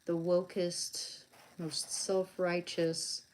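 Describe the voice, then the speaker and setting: A woman's voice: fairly low pitch, flat delivery, very slow, darkish tone. Rambling young woman live-streaming while drawing. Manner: rambling, many fillers and restarts. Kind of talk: casual live-stream chat.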